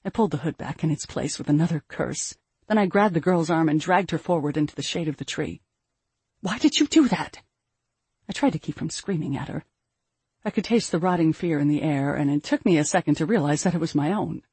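A woman narrating a first-person fantasy story in a measured, steady way. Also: low voice, breathy edge, dry recording. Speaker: audiobook narrator.

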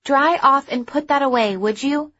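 A woman's voice: sits high, normal speed, a bit bright, lo-fi sound, voice pushed up. A woman voicing an impatient, bossy young woman in an audiobook.

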